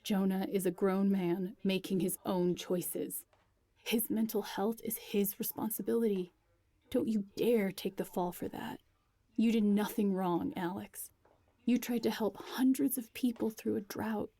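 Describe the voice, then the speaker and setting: A woman's voice: mid-range voice, fairly even intonation, unhurried, mellow. A woman voicing a loyal young woman friend who speaks urgently and firmly, read as a story. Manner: urgent and firm.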